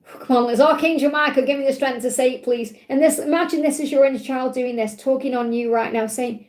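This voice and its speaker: A woman's voice: high voice, steady tone, brisk, a little mellow, echoey room. A woman hosting a spiritual live stream, talking in a heartfelt, rambling way with plenty of fillers. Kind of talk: emotional live-stream talk.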